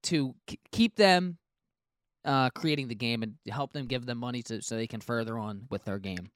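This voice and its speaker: A man's voice: mid-range voice, moderate pace, dry recording, studio quality. A man hosting a casual podcast, rambling and joking, often restarting his sentences. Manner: rambling, self-interrupting, jokey. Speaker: podcast host.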